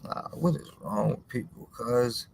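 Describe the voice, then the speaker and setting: A man's voice: medium pitch, measured pace, creaky, slight background noise. A man hosting a live stream in casual, slangy talk, rambling and answering viewers in the chat by name.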